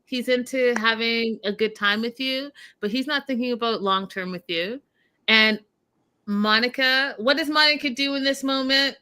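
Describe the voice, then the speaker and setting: A woman hosting a casual recap of a reality show, animated and talking straight to her viewers. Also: fairly high pitch, normal speed, smooth. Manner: animated, addresses viewers directly. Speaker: show host.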